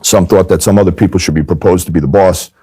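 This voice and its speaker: A man with a low voice tells his story candidly in an interview. He talks fast and hammers points home by repeating them. His tone is dark and mellow. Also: fairly even intonation, slightly rough. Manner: emphatic, repeats phrases for stress. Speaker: former undercover agent telling his story.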